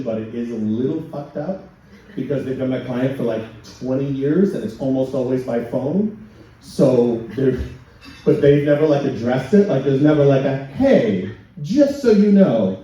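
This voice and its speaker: A man's voice: mid-range voice, slight background noise. Male stand-up comic telling crude stories. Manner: crude deadpan storytelling, voices for quoted people. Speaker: stand-up comedian. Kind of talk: stand-up set. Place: comedy night in a function hall. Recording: echoey hall, distant, dull and lo-fi. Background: audience laughter.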